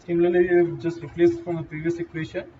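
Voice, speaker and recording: A man with an Indian English accent giving a halting whiteboard lecture, with fillers and restarts. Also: a little high, flat delivery, mellow. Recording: distant, dull lo-fi mic with faint noise.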